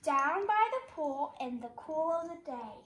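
A woman's voice: high voice, lively intonation, unhurried, a bit bright, reverberant, slight background noise. A woman reading a picture book aloud at home, playful and laughing often as she reads.

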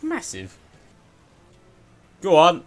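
A man commentating an online racing game with a friend, laughing, swearing and shouting at crashes. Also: a little high, huge pitch swings, very slow. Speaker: gaming channel host. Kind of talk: excited gameplay commentary with a friend.

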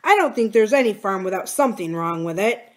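A woman reading aloud and voicing a tired, suspicious young farmer who talks bluntly and loudly. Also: medium pitch, lively intonation, fairly quick, close to an everyday voice.

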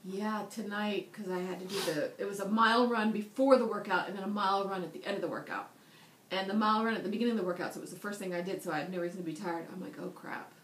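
A woman's voice: medium pitch, rapid-fire. A tired woman chatting casually to her viewers in a rambling, self-deprecating way. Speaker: vlogger. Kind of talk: casual chat. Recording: roomy echo.

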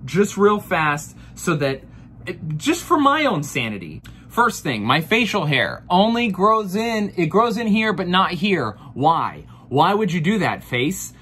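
A man's voice: high-pitched, very animated, unhurried, bright, forceful tone, husky. A man in his thirties doing a profane, mock-furious comedic rant full of rhetorical questions. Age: 30s. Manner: exasperated, profane ranting.

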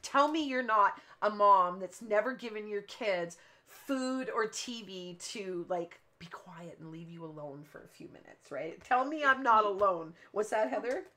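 A woman's voice: mid-range voice, animated, moderate pace, few pauses, pushed and bright. Chatty woman rambling at her craft table. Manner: chatty, rambling storyteller who laughs often. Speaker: cardmaking show host. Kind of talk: casual livestream chat while crafting. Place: home craft room at her work table.

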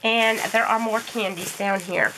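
A woman's voice: mid-range voice, fairly even intonation, measured pace, noisy background. A woman gushing and gasping with delight as she unboxes a craft haul for her vlog. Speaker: crafting vlogger.

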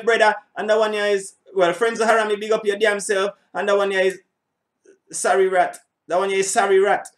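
A man's voice: high voice, fairly bright tone. Chatty man with lilt. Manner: rambling, repeats words, laughs and swears casually. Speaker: reaction channel host. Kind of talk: casual reaction commentary.

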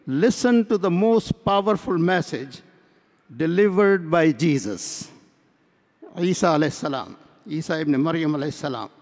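Male convention speaker with a high voice, measured parable-telling, recorded in a big echoing hall. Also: animated, a little mellow. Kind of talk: welcome speech at a convention. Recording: long hall reverb.

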